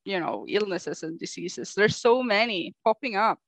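A woman's voice: mid-range voice, normal speed, dry recording. Easygoing woman co-host on a poor mic. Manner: explains things at length in a relaxed way. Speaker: podcast co-host. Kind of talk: casual chat. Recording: poor microphone, dry sound.

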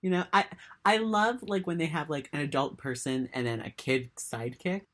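A podcast co-host in casual chat, reacting with quick enthusiasm. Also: mid-range voice, a bit bright.

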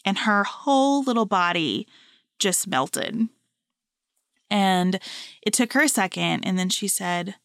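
A woman in her thirties co-hosting a podcast, telling a family story in an animated, chatty way. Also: medium pitch, takes it slowly, long pauses, dry recording, clean studio sound. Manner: warm, animated storytelling with laughs. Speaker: podcast co-host.

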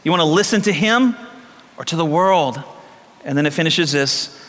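A pastor preaching a sermon, telling stories and repeating lines for emphasis. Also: male voice, a little high, lively intonation, normal speed, fairly bright tone. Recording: long hall reverb.

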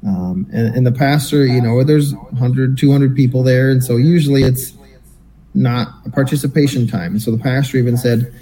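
This podcast co-host has a medium pitch and talks at normal speed over poor audio. Chatting casually, he spins a lengthy personal anecdote with real animation, voicing what other people said.

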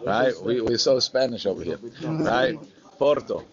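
A man's voice: mid-range voice, lively intonation, moderate pace, dull audio, a crowd in the background. A man teaching a Talmud class, chanting the Aramaic text and then explaining it in plain English, with the odd joke to his students. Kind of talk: Talmud class, reading and translating.

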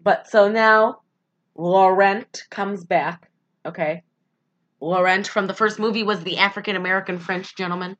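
Bright-voiced woman rambling about a movie. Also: mid-range voice, steady tone, unhurried, highs cut off. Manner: rambling, full of "um" and "like", laughing asides. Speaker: podcast co-host. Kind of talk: casual chat recapping a movie.

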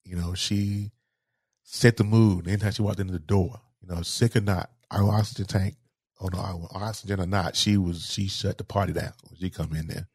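Deep husky man, halting and heartfelt. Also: steady tone, a little mellow, no echo, studio quality. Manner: halting, repeats words, grieving tone. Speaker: guest. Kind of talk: emotional interview storytelling.

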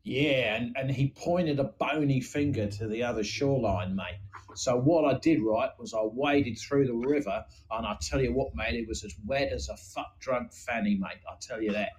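Playing an Australian gold prospector with a fake accent, this podcast co-host boasts through a rambling improvised sketch, swearing and tossing out crude comparisons capped with "mate." His medium-pitched, slightly mellow voice moves at a moderate pace, lightly acted, over poor audio.

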